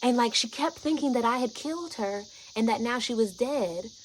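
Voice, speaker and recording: A woman vlogger telling a personal story, chatty and animated, often saying "like" and "y'all". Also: fairly high pitch, moderate pace, a little hiss or hum, poor audio.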